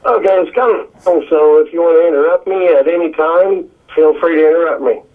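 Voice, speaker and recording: A man's voice: a little high, fairly quick. Polite man on a tinny phone line. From Indiana. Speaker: caller. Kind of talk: phone call to a radio show.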